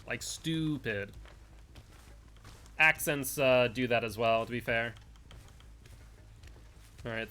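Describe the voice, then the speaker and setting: A man's voice: mid-range voice, pushed and bright, slight background noise. A man with a Northeastern US accent, streaming a game live and rambling to chat between plays. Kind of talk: live gameplay commentary and chat.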